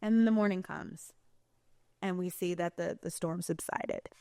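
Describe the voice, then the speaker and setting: A woman's voice: fairly low pitch, steady tone, unhurried, dark tone, clear, resonant tone, no room sound. Chatty emphatic woman, dry close sound. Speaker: vlogger. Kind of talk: casual vlog monologue.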